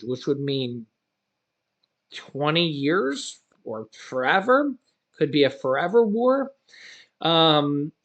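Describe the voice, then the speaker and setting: A man's voice: high voice, a bit bright. A man reading news stories aloud and breaking off into casual, opinionated asides as a channel host. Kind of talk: reading news with personal commentary.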